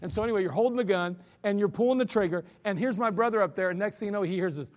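A man preaching a sermon to his congregation, telling stories in a loose, conversational way with animated acted quotes, recorded in a church sanctuary. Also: high voice, racing. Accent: American. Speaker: pastor. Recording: church hall reverb.

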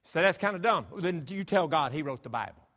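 Bright-voiced preacher in an echoing hall. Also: male voice, a little high, lively intonation, fairly quick. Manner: emphatic, rhetorical questions to the congregation. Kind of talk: sermon. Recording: long hall reverb.

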